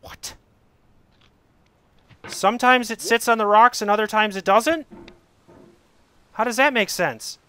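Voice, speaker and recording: A young man giving let's play commentary, exasperated and swearing as he yells at the game he is playing. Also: high voice, unhurried, pauses often, smooth. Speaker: gamer playing a climbing game.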